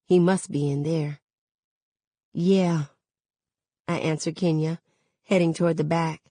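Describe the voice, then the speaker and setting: A woman reading a novel aloud in a measured, even narration. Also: deep voice, no echo. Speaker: reader.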